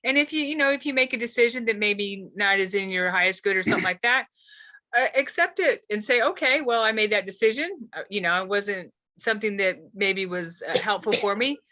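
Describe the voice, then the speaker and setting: A woman's voice: mid-range voice, brisk, pushed and bright, highs cut off. A woman hosting an interview, jumping in eagerly and apologizing for interrupting. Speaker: host. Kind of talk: conversational interview.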